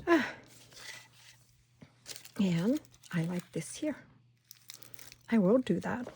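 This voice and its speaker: A woman hosting a casual crafting tutorial at home, chatting and talking herself through each step, sometimes dropping to a soft whisper. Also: medium pitch, lively intonation, very slow, a little hiss or hum. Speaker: craft channel host.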